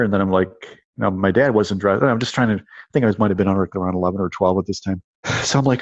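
Here a man in his fifties, a guest sharing personal stories, talks casually and fast, restarting often, repeating himself, and filling gaps with "you know" and "like." His lowish, darkish voice has lively intonation. The lo-fi recording sounds dull and dry, with no room sound.

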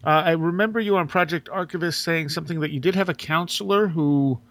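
A man hosting a podcast, introducing the episode and asking questions in a relaxed way with some fillers. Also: fairly high pitch, fast talker. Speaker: podcast host.

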